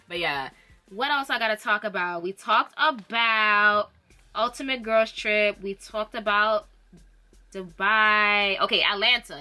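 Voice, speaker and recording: A young woman casually recapping reality TV, opinionated and animated, often laughing. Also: medium pitch. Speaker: reality TV commentator.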